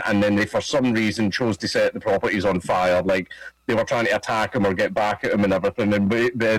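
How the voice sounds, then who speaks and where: A Scottish man with a lowish voice, chatting as a comedy guest in a sardonic, deadpan way. He often laughs at his own jokes, and his voice sits dry and close on the mic. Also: dry recording, low-quality recording. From Scotland. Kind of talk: casual interview chat.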